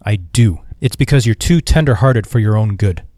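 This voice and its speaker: A man's voice: fairly low pitch, expressive, moderate pace, mellow, no room sound, clean studio sound. A man voicing a sour, complaining office manager. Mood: defiant. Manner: complaining, prim. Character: stiff male office manager, sour and defiant.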